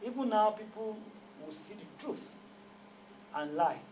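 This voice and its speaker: A man's voice: high-pitched, lively intonation, a little slow, darkish tone, a little hiss or hum, rough recording. A man with a Nigerian accent, a guest speaking emphatically and asking rhetorical questions in his office. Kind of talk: conversational interview.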